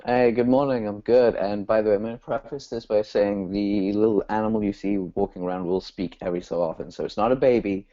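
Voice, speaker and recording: A British man in his twenties, a guest chatting casually in an interview with easy laughs and quick asides, heard over a call. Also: fairly low pitch, steady tone, warm tone, no room sound. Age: 20s. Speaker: guest copywriter. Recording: dull lo-fi call audio.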